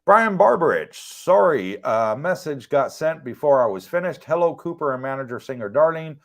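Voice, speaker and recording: A man's voice: fairly high pitch, normal speed. Chatty American man on a livestream. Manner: relaxed, chatty, easy laughs. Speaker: livestream co-host. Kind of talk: casual livestream chat reading viewer questions. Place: condo in Thailand.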